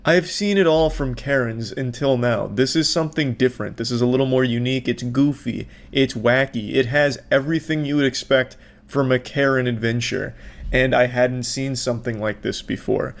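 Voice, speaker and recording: A man's voice: mid-range voice, steady tone, moderate pace, vocal fry. A man hosting a casual reaction commentary, sarcastic and profane. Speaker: commentary channel host.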